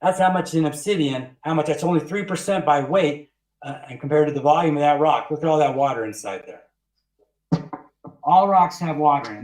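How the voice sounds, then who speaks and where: A man presenting a webinar, teaching emphatically and repeating his points with rhetorical questions. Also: a little high. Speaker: webinar presenter walking through his book. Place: outdoors with trees behind him. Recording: echoey sound, voice distant from the mic.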